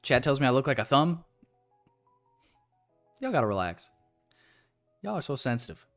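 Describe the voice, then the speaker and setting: A man day-trading live on stream, bantering with his chat in a loose, joking tone with plenty of swearing. His voice sits mid-pitch, with faint music playing under him. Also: very animated, normal speed, fairly bright tone.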